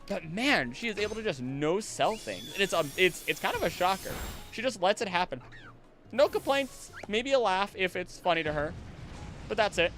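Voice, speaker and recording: A man streaming a game and chatting casually, rambling and animated, now and then slipping into playful voices. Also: sits high, moderate pace, soft background music. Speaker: streamer and voice actor.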